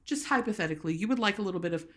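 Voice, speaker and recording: A woman with a Southern American accent, co-hosting a podcast in lively, teasing casual chat. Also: mid-range voice, very fast. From Southern United States. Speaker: podcast co-host.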